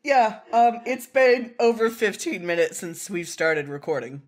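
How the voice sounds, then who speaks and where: A woman's voice: medium pitch, animated, unhurried. A woman hosting a casual podcast, talking in a giggly, rambling way. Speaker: podcast host.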